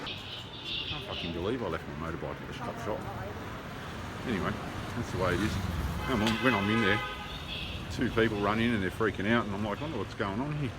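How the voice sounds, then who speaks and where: A man's voice: on the low side, fairly quick, pauses often. An Australian man vlogging while he walks and rides through city streets, talking bluntly and swearing, with lots of ums. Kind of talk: casual video diary. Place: city streets outdoors, walking and riding. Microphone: handheld phone. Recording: phone video with loud street noise.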